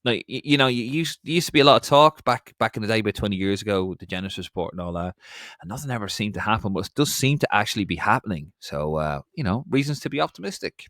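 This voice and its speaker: Irish male podcast co-host, low and animated voice, dry close sound. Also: fast, no echo. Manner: animated, jumps in pitch, reads out listener comments. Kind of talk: casual football podcast chat.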